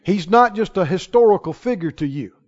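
High-voiced preacher in an echoing church. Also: male voice, lively intonation, fairly quick. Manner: preaching with rising, emphatic declarations. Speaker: pastor. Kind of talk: sermon. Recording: dull sound with long hall reverb.

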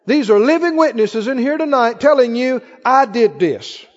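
Fervent high-voiced male preacher in a hall. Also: expressive, normal speed, lo-fi sound. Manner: fervent preaching, reading scripture aloud with rising emphasis. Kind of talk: sermon. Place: church with congregation.

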